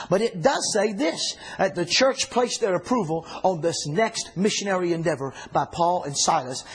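A man teaching a Bible study in an animated, folksy way, often repeating himself. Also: sits high, husky.

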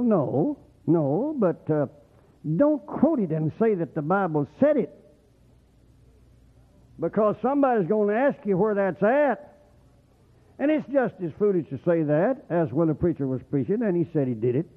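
Folksy preacher on tinny radio. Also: male voice, sits high, very animated, normal speed. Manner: rambling, folksy, swoops up into whoops. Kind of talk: folksy sermon. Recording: tinny phone-like radio broadcast.

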